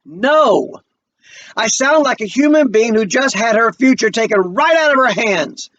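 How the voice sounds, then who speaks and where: A man's voice: very high voice, lively intonation, unhurried, fairly bright tone, pitched above the performer's own voice, full character voice. A man reading aloud as an impassioned, idealistic young woman student, in a heated, raised delivery, on a muffled lo-fi recording.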